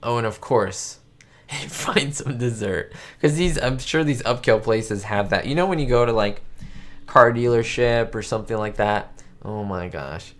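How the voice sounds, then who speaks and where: A man's voice: medium pitch, measured pace. A man hosting a live stream, reacting to an old comedy with frequent laughter and exclamations and talking straight to his viewers. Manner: giddy, laughs often, exclamatory; chats directly to viewers. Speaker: channel host.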